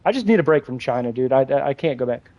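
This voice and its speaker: A man's voice: mid-range voice, lively intonation, fast, a little mellow, muffled recording. A young American man chatting casually with his live chat while playing a game, swearing now and then. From United States. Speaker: live streamer.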